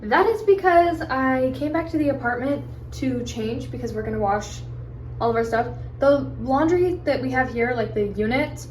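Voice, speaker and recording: A woman's voice: high-pitched, expressive, normal speed, darkish tone. A young woman in her twenties chatting casually to the camera in a vlog, swearing now and then. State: out of breath. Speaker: vlogger. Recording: noisy background.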